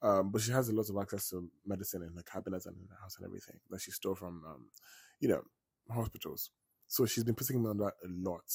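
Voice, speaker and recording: A man's voice: low-pitched, fast, gravelly, darkish tone, slightly rough, no echo, clean studio sound. A man talking casually as a vlogger, retelling a story in a chatty, digressive way and swearing freely.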